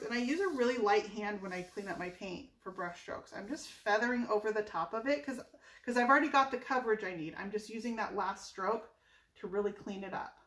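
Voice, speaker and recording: A woman's voice: mid-range voice, reverberant. A woman hosting a casual furniture painting tutorial in her home workspace, chatty and playful, repeating her key tips.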